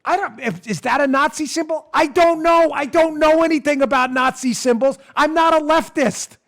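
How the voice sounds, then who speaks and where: His voice is very high-pitched and moves at a moderate pace. He's a man hosting a political talk podcast, ranting sarcastically and in exasperation, mocking along the way and growing louder.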